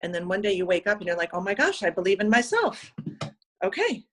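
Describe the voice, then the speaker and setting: A woman's voice: medium pitch, very animated, a little fast, fairly bright tone. A woman guest in an interview, speaking from the heart with many fillers and close to tears. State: close to crying. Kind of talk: emotional personal interview.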